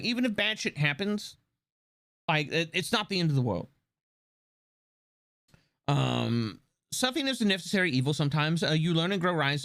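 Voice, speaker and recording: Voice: mid-range voice, a bit bright. A live streamer chatting casually, swearing freely and restarting sentences often. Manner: rambling, swears freely, frequent restarts and fillers.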